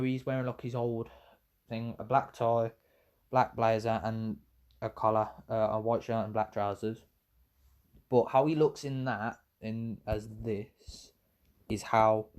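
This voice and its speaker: Man, casual fan storytelling, rambling, self-correcting, mid pitch. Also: little pitch movement, takes it slowly, pauses often, a little mellow. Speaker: YouTuber telling a fan story.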